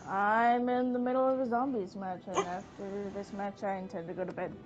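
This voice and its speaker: A tired woman gamer in casual voice chat, excitable and cursing loudly when things go wrong. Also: mid-range voice, moderate pace, dull audio. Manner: excitable, swears loudly under pressure. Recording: game music in background.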